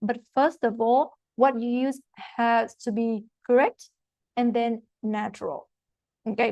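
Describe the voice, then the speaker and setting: High-voiced woman teaching, non-native accent. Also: warm tone, dry recording, highs cut off. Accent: non-native English. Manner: explanatory, frequent "okay?" check-ins and fillers. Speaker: IELTS teacher. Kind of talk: online masterclass lecture. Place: recorded online class.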